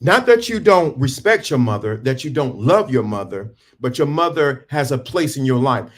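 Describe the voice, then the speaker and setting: A man's voice: mid-range voice, sing-song, moderate pace. A middle-aged man giving a preachy, emphatic talk to viewers on a livestream, breaking off and restarting while he dresses. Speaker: livestream host. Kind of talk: casual motivational livestream talk. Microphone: phone or camera on a stand.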